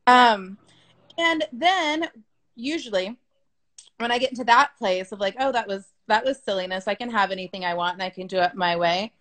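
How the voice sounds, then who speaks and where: A woman's voice: mid-range voice, normal speed, fairly bright tone. A woman speaking in an easy, conversational way, full of filler words and the occasional swear word. She talks frankly and at length, the way one talks with a friend. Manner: frank, chatty, sprinkled with swearing and "like". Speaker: business coach being interviewed. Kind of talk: casual conversational interview.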